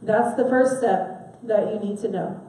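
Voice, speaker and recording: A woman giving a sermon, asking her listeners questions and stressing key words with soft pauses. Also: on the high side. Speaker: preacher. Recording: very echoey, from far off the mic.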